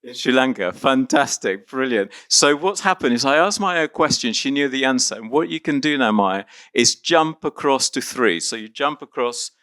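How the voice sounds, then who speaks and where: A man's voice: mid-range voice, lively intonation, normal speed, few pauses, a bit bright, clean tone, dry recording. A man from Argentina leading an interactive teaching workshop, upbeat and encouraging as he coaxes volunteers along.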